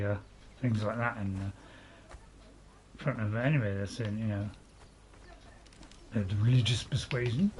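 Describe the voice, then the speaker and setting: A man's voice: on the low side, darkish tone, slight background noise. A man giving casual, rambling commentary while playing a game, chuckling to himself now and then. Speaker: gaming video host.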